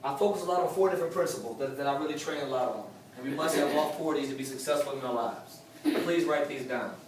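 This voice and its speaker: This man talks fast in a medium-pitched voice, delivering a preachy motivational speech to a room at a sales meeting and repeating key lines for emphasis. The sound is distant and echoey, with faint noise in the room.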